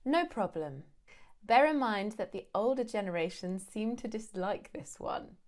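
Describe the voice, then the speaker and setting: A woman gives a scripted English lesson, explaining phrases clearly and acting out short examples. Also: mid-range voice, moderate pace. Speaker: English teacher.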